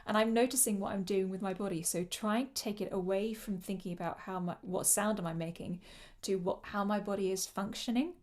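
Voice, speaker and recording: A woman coaching singers through breath control in a mid-pitched, ordinary voice. She explains patiently and demonstrates each exercise with shushing sounds. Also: fairly even intonation, fairly quick, hardly any pauses. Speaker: choral singing coach. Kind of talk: online vocal workshop instruction.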